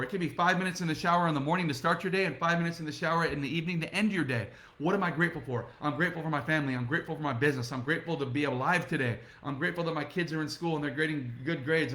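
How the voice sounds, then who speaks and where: A middle-aged man giving an energetic motivational talk to camera and speaking straight to his viewers. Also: a little high, roomy sound. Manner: energetic, repetitive, addresses viewers directly. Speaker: network marketing motivational speaker.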